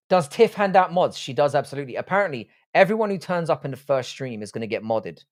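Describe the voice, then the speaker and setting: A man's voice: on the high side, very animated, fast talker, hardly any pauses. A man hosting a live stream, casually reading out chat and trading profane mock insults with viewers. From England.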